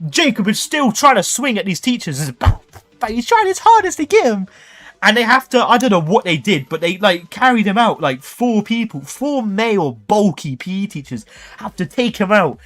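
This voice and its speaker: Guy hosting a stream, telling a story, pitch bouncing all over. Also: moderate pace. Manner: animated, jokey, acts out voices. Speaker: livestream host. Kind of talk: casual storytelling on a livestream.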